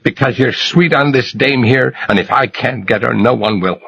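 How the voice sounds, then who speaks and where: A man's voice: mid-range voice, normal speed, vocal fry, a bit bright, slightly rough, dry recording. A man voicing a jittery, vicious junkie gunman who rants and sneers with venom. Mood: menacing whisper. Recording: muffled lo-fi recording.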